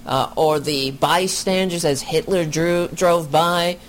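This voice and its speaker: A commentator reacting to a speech video, indignant and deliberate, with the occasional swear. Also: medium pitch, slight background noise.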